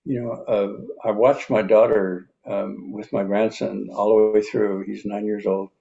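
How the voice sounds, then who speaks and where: A man in his seventies giving a reflective teaching talk, unhurried, pausing often and repeating calm self-affirmations. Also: fairly low pitch, vocal fry, dull audio. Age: 70s. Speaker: speaker on personal healing.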